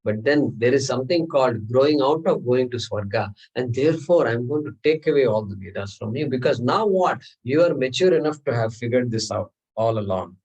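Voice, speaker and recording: A man's voice: medium pitch, lively intonation, brisk, hardly any pauses, a little mellow, slightly rough, highs cut off. A man teaching a scripture class, explaining step by step, often checking in with "okay?" and asking the class rhetorical questions. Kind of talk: classroom lecture. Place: class room.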